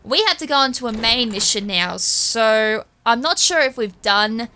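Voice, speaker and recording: A woman's voice: fairly high pitch, lively intonation, moderate pace, bright, forceful tone, slight background noise. Chatty woman playing a game. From Australia. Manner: chatty, rambling, self-correcting. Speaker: gaming streamer. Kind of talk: let's-play commentary.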